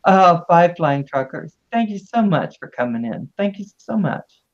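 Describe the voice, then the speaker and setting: A woman's voice: on the low side, sing-song, unhurried, dull audio, a little hiss or hum. A woman hosting a livestream, chatting casually and greeting viewers with affectionate words. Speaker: livestream host.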